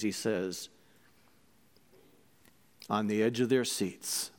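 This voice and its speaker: A man preaching a sermon as a priest, telling stories in an animated way and acting out their voices. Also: medium pitch, slow, long pauses. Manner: animated storytelling, acts out voices. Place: church. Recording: long church reverb.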